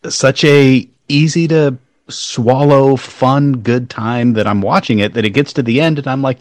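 A man co-hosting a casual podcast chat, talking excitedly with stumbling restarts and laughs. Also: medium pitch, measured pace, no echo. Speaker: podcast co-host.

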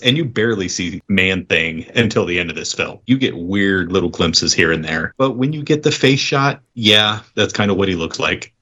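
A man's voice: deep voice, expressive, normal speed, few pauses, pushed and bright, lo-fi sound. A man in a casual podcast chat who knows the comics well and explains how the film compares to them.

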